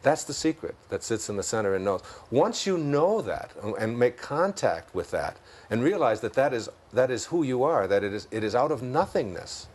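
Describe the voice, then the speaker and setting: Man, Detroit accent, interview guest, reflective, unhurried, mid-range voice, chuckles often. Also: mid-range voice, very animated, a little mellow. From Detroit, United States. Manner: unhurried, musing, laughs at his own jokes. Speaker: interview guest, self-help speaker.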